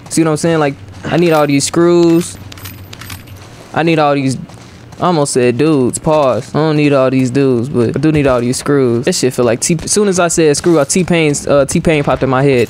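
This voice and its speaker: A man's voice: on the high side, normal speed, a little mellow, slight background noise. A young man doing let's play commentary as a gaming streamer, joking in profane banter with his viewers.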